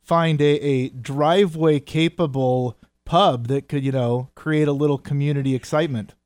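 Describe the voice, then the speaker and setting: A man's voice: a little high, fairly even intonation, normal speed, a little mellow, clean tone, no echo, studio quality. A man co-hosting a radio show in casual chat, earnest and reading out date facts. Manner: earnest, reads date facts, talks about community. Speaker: radio co-host.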